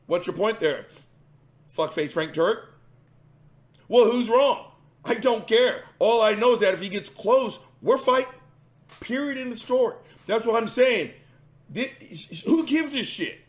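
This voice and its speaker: A man's voice: high voice, animated, unhurried, pauses often. A man hosting a reaction commentary, ranting combatively and sarcastically with lots of swearing. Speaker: commentary host.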